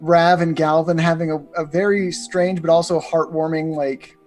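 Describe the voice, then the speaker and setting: A man recaps an earlier tabletop game session, rambling a little and using fillers. His voice sits fairly high for a man. Faint music plays behind him. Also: little pitch movement, normal speed. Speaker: player.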